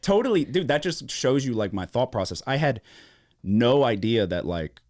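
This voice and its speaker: A man from Louisiana hosting a sports-betting podcast, telling a story in casual chat with a lot of swearing and animated emphasis. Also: medium pitch, normal speed, dry recording. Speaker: podcast host. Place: studio.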